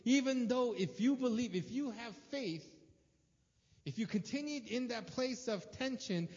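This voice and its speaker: A man preaching a sermon with emphatic, repetitive phrasing that swings between soft and loud. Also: very high voice, animated, a little slow. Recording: dull sound with long hall reverb.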